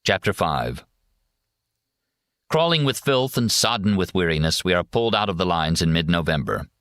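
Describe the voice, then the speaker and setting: A man narrating a war memoir audiobook in a steady, measured first-person reading. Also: sits low, dry recording, clean studio sound.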